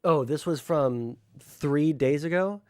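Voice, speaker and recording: A man's voice: fairly high pitch, takes it slowly, no echo, studio quality. Casual swearing male livestreamer. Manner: rambling, filler-heavy, swears freely; talks to chat, unfiltered. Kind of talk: casual livestream chat with viewers.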